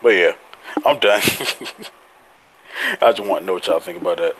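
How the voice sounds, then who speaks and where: A man co-hosting a casual podcast chat, excitable and quick to laugh, swearing freely as he rants. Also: deep voice, slight background noise, low-quality recording. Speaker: podcast co-host.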